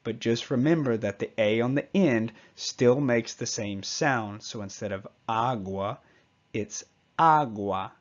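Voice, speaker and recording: A man leads a pronunciation lesson at an unhurried, deliberate pace, patiently saying each example word twice. His voice sits in a middle register. The audio is slightly dull and muffled. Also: medium pitch. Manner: patient, repeats example words slowly. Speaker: Spanish teacher. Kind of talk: slow, clear pronunciation lesson.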